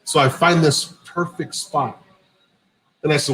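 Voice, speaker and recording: A man's voice: a little high, a little slow, long pauses, low-quality recording. A man hosting a podcast, telling a long profane story in a casual way and acting out the dialogue. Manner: profane, animated anecdote-telling with quoted dialogue. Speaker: podcast host.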